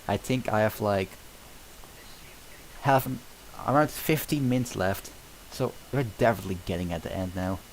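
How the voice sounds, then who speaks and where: A man's voice: lowish voice, normal speed, pauses often, a little hiss or hum, poor audio. A man streaming, casually chatting and reading script narration aloud in a loose, offhand way. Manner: loose and offhand, with filler words.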